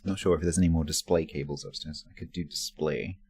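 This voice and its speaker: A man's voice: rumbling low, steady tone, a little fast, darkish tone, a little hiss or hum. A man chatting casually on a live stream at home while packing to move. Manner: rambling, chatty while sorting cables.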